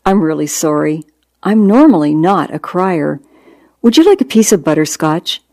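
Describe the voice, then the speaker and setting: A reader voicing a middle-aged dying woman who talks softly, slowly and apologetically. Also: lively intonation, dry recording, studio quality. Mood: apologetic. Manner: soft, apologetic, slow and low.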